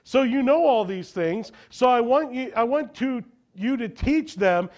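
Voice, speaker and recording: High-voiced man preaching a sermon. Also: animated, a little slow, a little mellow. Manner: asks the congregation questions and answers them. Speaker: pastor.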